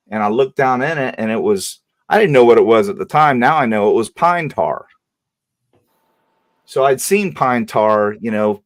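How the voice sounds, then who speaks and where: Man, host, casual storyteller, acts out shouts, mid-pitched voice, dry sound. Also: no echo. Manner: animated, acts out shouted quotes in a raised voice. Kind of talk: storytelling on a panel livestream.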